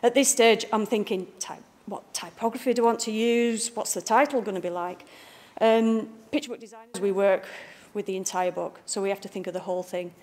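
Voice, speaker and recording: A woman with a Northern English accent, a picture book art director giving a chatty, jokey talk to a live audience. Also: a little high. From Bradford, northern England. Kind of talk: informal public lecture. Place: library event room with a live audience.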